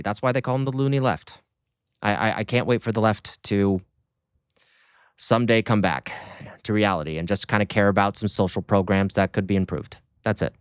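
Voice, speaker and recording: Animated sarcastic male streamer. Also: mid-range voice, dry recording, clean studio sound. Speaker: streamer reacting to a video. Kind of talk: casual reaction commentary.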